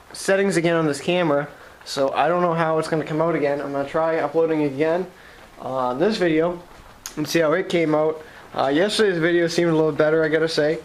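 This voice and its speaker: A young vlogger with a Boston accent talks casually to camera from his shop, rambling, joking and swearing. His voice is a little high, with slight background noise.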